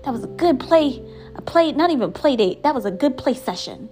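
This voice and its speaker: A woman's voice: high-pitched, lively intonation, a little fast, darkish tone, soft background music, pitched above the performer's own voice. A woman voicing her playful young male dog, eager and bouncy. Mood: contented.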